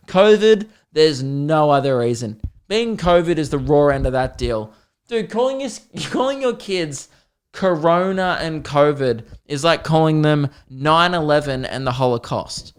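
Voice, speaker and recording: Young aussie comedian, smooth voice, a bit higher, rambling and swearing on his podcast. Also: expressive, moderate pace. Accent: Australian. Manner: sweary, rambling and self-deprecating. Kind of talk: solo comedy podcast rant.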